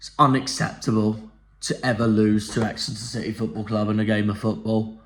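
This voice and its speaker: A man's voice: on the low side, level tone, a little fast. A man with a Cornish accent, a football fan vlogger, giving a furious, sweary post-match rant. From Cornwall. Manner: furious, sweary, repetitive ranting.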